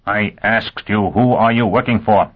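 A man's voice: fairly low pitch, measured pace. A man doing a menacing male interrogator. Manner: accusing, threatening. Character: furious, suspicious male interrogator. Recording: tinny lo-fi phone-like audio.

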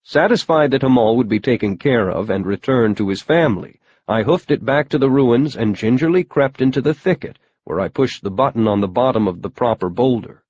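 A man's voice: medium pitch, animated, a little fast, hardly any pauses, a little mellow, dull audio. A man narrating a first-person audiobook in a wry, matter-of-fact storytelling manner.

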